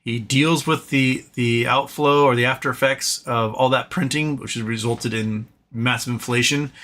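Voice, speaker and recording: A man's voice: mid-range voice, sharp tone. A man hosting a political livestream, ranting with exasperated sarcasm, swearing and restarting his sentences. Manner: exasperated, sarcastic, swears, mocks opponents with put-on quotes; fillers and repeated restarts.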